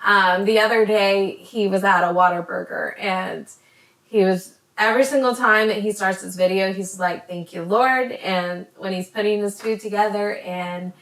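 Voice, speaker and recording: A woman chatting to her camera as a vlogger, rambling with many ums and tripping over words when she talks fast. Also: medium pitch, fairly even intonation, a bit bright. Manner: says she stutters when talking fast. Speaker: vlogger recommending creators. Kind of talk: casual chat to camera.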